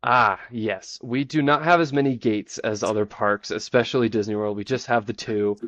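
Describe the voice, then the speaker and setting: A man giving an enthusiastic, playfully boastful pitch in a casual group chat, then taking questions. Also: fairly even intonation, normal speed, fairly bright tone, no room sound, dull audio. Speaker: presenter defending a theme park in a group chat.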